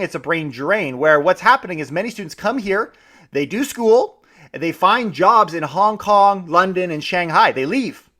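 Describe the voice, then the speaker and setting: A man's voice: high voice, sharp tone. A man hosting a podcast, talking in a chatty, enthusiastic way with frequent restarts. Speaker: podcast host. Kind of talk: casual podcast commentary.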